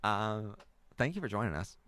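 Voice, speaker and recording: A man's voice: fairly low pitch, sing-song, normal speed, a bit bright. A young adult man from the United States, hosting a casual live stream and chatting with viewers in a rambling way, laughing often. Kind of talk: casual live chat reading viewer comments.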